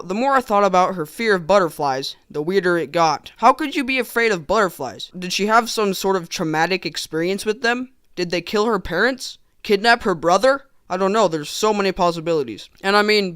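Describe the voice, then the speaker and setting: A teenage young man narrating a comedic storytime vlog in a sarcastic, animated, joking manner. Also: high-pitched, smooth, no echo, clean studio sound. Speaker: vlogger.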